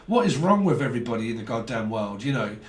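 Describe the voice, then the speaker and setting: A man giving a casual, rambling tarot reading, animated and full of slang and swearing. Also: medium pitch, fast talker. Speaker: tarot reader. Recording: roomy sound from a mic at a distance.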